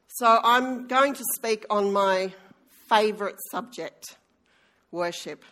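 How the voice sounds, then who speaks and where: A woman's voice: mid-range voice, takes it slowly, sharp tone. A middle-aged woman, a church elder preaching a sermon in a chatty, self-deprecating way with frequent ums, recovering from an illness. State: recovering from illness, may cough. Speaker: church elder and worship leader.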